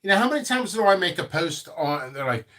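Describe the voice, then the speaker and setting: A man hosting a casual live stream about his seed business, rambling and animated, with frequent restarts and asides. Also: high voice, a little fast.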